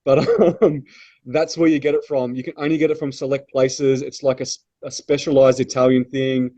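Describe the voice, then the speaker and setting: A man's voice: mid-range voice, level tone, normal speed, warm tone. A man, a personal trainer co-hosting a casual podcast chat. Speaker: podcast co-host.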